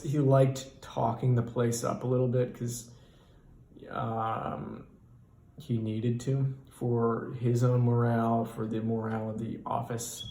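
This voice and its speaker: A man telling a stand-up comedy story in a profane, animated and exasperated way. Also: medium pitch, reverberant.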